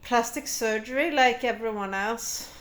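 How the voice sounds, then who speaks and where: A woman with a fairly high voice rambles through a mock-serious, sarcastic comic monologue. She talks at an unhurried, drawn-out pace. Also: a bit bright. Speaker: comedic vlogger. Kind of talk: satirical character monologue.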